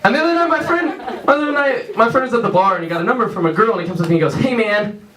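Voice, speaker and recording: A young man performing a crude stand-up comedy set on a theater stage, telling loose stories and switching into quick voices for his friends. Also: very high-pitched, bright, forceful tone, recorded from a distance, slight background noise. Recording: echoey room, mic heard from afar. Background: audience laughter.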